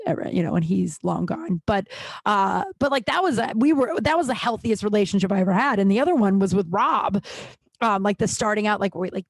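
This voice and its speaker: A woman's voice: mid-range voice, a little mellow, no room sound. Candid rambling woman podcaster, dry close sound. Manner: rambling, candid storytelling with frequent laughs and fillers. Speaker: podcast host. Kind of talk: casual solo podcast chat.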